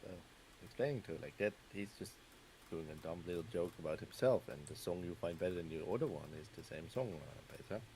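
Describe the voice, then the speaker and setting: A man's voice: low-pitched, animated, brisk, mellow, a little hiss or hum, poor audio. Dutch man telling rambling stories. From Netherlands. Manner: rambling anecdotes with frequent fillers and laughs. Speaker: Minecraft streamer's guest or co-player. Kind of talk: casual chat while gaming.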